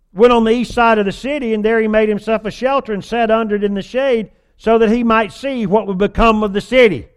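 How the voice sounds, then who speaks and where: A man preaching a sermon with a folksy, humorous delivery, acting out whiny voices with exaggeration. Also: high voice.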